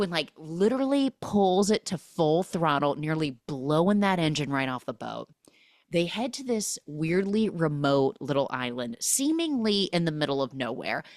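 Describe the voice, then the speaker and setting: A woman's voice: deep voice, no room sound, studio quality. A woman hosting a podcast, recapping a film in a casual, sarcastic way, acting out the characters' lines as she goes. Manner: animated, sarcastic storytelling with acted quotes. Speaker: podcast host.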